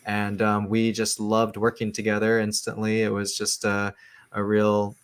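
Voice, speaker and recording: Man, low voice, flat intonation, halting, filler-heavy, interview guest. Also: clean tone. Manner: halting, many fillers and restarts. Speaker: comic book writer, guest. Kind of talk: casual interview talk.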